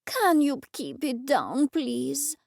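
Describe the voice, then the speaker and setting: A woman's voice: high-pitched, big pitch swings, slow pace, gravelly, darkish tone, no room sound, clean studio sound, heavily acted. A woman voicing a cranky, hungover female talking cat in an audiobook, speaking in an irritable, grumpy way.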